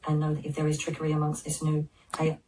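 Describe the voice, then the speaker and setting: A woman voicing a serene male spirit of Jesus speaking through a medium, in slow, solemn, measured pronouncements. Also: low voice, completely flat delivery, warm tone, recorded from a distance, a little hiss or hum, pitched below the performer's own voice, lightly acted, rough recording.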